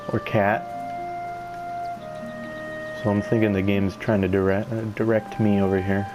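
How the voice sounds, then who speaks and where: A man's voice: lowish voice, a little slow, long pauses, over music, low-quality recording. A man giving casual, joking let's-play commentary. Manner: joking, rambling. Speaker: gaming YouTuber.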